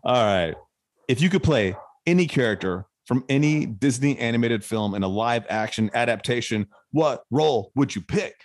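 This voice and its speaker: A man's voice: mid-range voice, animated, normal speed. A man hosting a casual podcast chat. He swears freely and laughs often. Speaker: podcast host. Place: Nashville.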